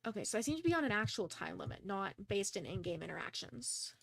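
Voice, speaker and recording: Very animated and fast, this young woman's gravelly mid-range voice comes through a dry recording as she streams a detective game. She reads the dialogue, chats casually, and talks through her choices while doubting and teasing herself.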